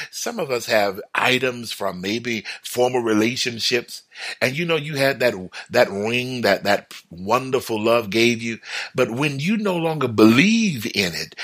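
A man speaking in a motivational broadcast talk with a bright, forward tone. His pitch swings widely as he acts out little everyday remarks, and he chuckles often. His delivery is lively and conversational.

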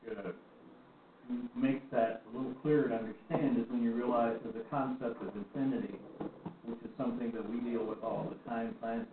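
A man's voice: medium pitch, far from the mic. Class member, man, thoughtful remark, off-mic in an echoey room, tinny with faint hiss. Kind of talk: comment from the audience.

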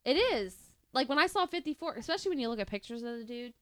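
Woman, podcast co-host, slightly high voice, loose and jokey, laughs easily, casual true-crime chat. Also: animated, fast talker. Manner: laughs often, joking banter.

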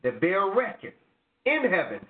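A man's voice: high voice, huge pitch swings, moderate pace. A man co-hosting a Bible show, reading verses aloud and preaching directly to listeners. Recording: tinny phone-like audio.

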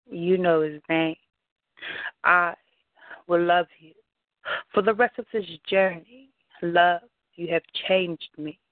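A woman reading her own love poem aloud at an open mic in a slow, measured, heartfelt delivery. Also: fairly low pitch, dry recording. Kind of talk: spoken-word poetry reading. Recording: tinny phone-line audio.

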